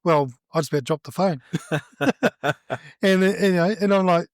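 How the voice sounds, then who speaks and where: A middle-aged man with a New Zealand accent, a judo coach telling stories in a casual interview, animated and laughing as he acts out what people said. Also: sits high, moderate pace, no room sound, studio quality.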